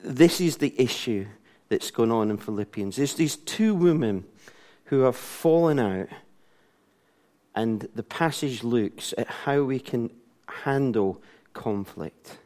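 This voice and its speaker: A man's voice: medium pitch, lively intonation, takes it slowly, mellow. A middle-aged man, preaching a casual sermon in a church, chatty and self-deprecating, laughing often. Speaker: pastor.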